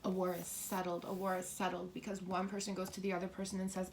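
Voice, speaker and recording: A middle-aged woman giving a tarot and coffee-ground reading, rambling, cursing now and then, and slipping into soft whispers. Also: fairly low pitch, completely flat delivery, fast, few pauses, slight background noise. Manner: swears freely when relaying messages. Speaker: tarot reader.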